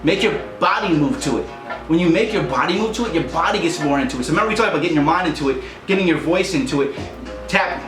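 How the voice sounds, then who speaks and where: Man, rap coach, casual upbeat tutorial, roomy echo, soft music underneath. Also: a little high, animated, racing. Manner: upbeat, explains with counting and beat sounds. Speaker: rap coach and channel host. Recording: echoey room with music behind.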